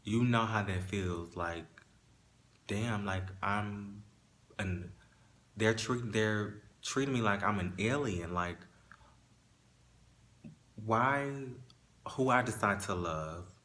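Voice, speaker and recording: A man telling a painful personal story in a casual monologue, halting and restarting as he holds back tears. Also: fairly low pitch, a bit bright.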